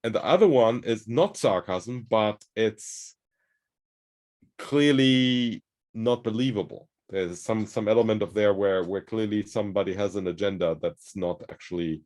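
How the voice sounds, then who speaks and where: A man's voice: fairly low pitch, measured pace, darkish tone. A man hosting a conversation, explaining ideas in a thoughtful, searching way. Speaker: host. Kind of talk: conversational discussion.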